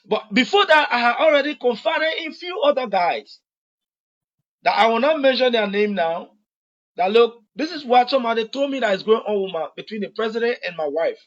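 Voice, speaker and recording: A man's voice: very high-pitched, expressive, normal speed, a bit bright, muffled recording. A man with a Liberian English accent, a former government official, giving an earnest, repetitive public apology.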